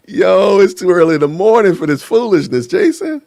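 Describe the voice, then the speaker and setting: Casting note: animated male livestream host, playful, laughing, slightly high voice, dry close sound. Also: unhurried, creaky, no room sound. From Aurora, Illinois. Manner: playful, laughing, shout-outs to chat. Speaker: podcast host. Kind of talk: casual livestream chat. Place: home in Georgia.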